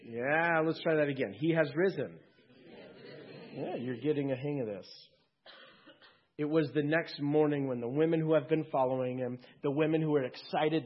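A male pastor preaching an earnest sermon, his voice swelling and then dropping to a hush. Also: fairly high pitch. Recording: dull lo-fi recording.

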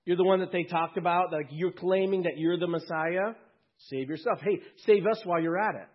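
A man's voice: high-pitched, brisk, highs cut off, pitched above the performer's own voice. A pastor acting out a mocking male criminal on a cross, with a taunting, jeering manner.

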